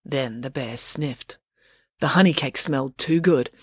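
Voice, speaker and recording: Lively woman narrating a storybook. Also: a bass voice, measured pace, slightly rough, no echo, studio quality. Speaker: audiobook narrator.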